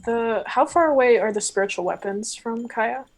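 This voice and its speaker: A woman's voice: a little high, moderate pace. A British woman playing a tabletop game, thinking aloud and asking questions about her turn. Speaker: player. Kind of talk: casual tabletop play.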